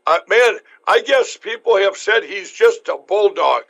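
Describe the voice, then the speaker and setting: A man hosting a talk show, talking in a rambling, emphatic way with many restarts, his voice going hoarse. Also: sits high, animated, unhurried, fairly bright tone, muffled recording. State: losing his voice. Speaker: show host. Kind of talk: casual talk show chat.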